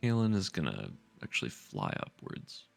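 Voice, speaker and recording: A man's voice: very deep voice, big pitch swings, normal speed, creaky, faint music behind. A man playing in a tabletop game, thinking aloud hesitantly about what his character does. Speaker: player. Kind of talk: casual play at a tabletop game.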